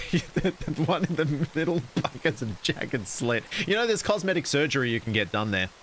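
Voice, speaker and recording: A man's voice: on the high side, very animated, normal speed, a bit bright, a little hiss or hum, rough recording. A man streaming, casually reading a horror story aloud and cracking jokes to chat. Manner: casual, wisecracking asides to chat.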